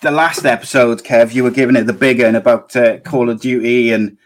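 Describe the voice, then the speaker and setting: A man's voice: medium pitch, fairly even intonation, a little fast. A man co-hosting a casual podcast over a video call, upbeat as he introduces the guest. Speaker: podcast co-host. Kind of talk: casual chat.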